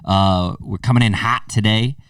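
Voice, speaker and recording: A man's voice: fairly low pitch, normal speed, fairly bright tone, clear, resonant tone, dry recording, clean studio sound, distant mic. A man hosting a podcast in casual chat, joking and teasing his co-host with frequent laughs. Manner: jokey, laughing, teasing banter.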